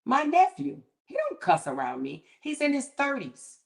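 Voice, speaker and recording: A middle-aged woman hosting a livestream, talking candidly and emphatically in casual commentary, with her pitch climbing sharply when she gets indignant. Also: wildly swooping pitch, moderate pace, vocal fry, a little mellow. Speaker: livestream host.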